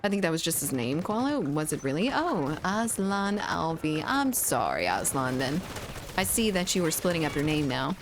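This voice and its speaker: Woman, game streamer, casual chat with viewers, expressive up-and-down delivery, faint noise behind. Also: sits low, normal speed. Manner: chatty, reads chat aloud, laughs often.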